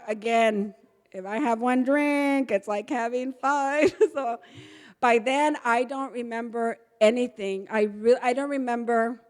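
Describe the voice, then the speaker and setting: High-voiced woman telling her story in a hall. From Texas. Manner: candid storytelling, acts out dialogue, laughs often. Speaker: AA speaker. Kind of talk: personal recovery talk. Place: large meeting hall. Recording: reverberant hall.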